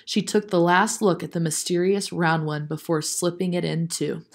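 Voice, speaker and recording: A woman narrating a children's chapter book aloud in a steady, clear manner. Her voice sits somewhat low for a woman. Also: moderate pace. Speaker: storyteller. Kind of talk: storybook read-aloud narration.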